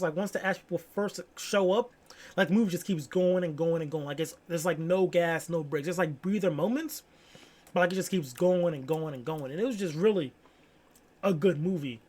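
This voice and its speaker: A young man rambling in casual solo chat, slangy and full of fillers. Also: a little high. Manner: rambling, heavy on "like" and "bro", slangy. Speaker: vlogger.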